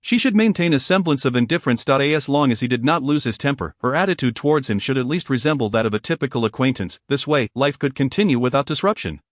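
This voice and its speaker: Reading aloud from a romance script, the male narrator stays calm and measured. His middle-pitched voice comes through close-miked and dry, with no surrounding room sound.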